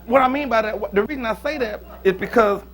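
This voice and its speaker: A pastor preaching a sermon in a joking, lively manner, with sudden loud, high bursts. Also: male voice, fast. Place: church.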